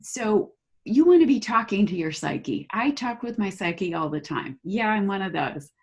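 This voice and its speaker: A woman of ordinary pitch talks as a guest in an interview. She explains in an animated way and slips into quick acted-out inner voices. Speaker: guest, holistic practitioner.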